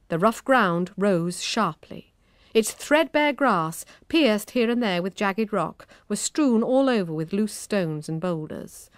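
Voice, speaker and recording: A woman with a British accent narrating a children's audiobook in an expressive, measured way on a close studio mic. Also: mid-range voice, no echo.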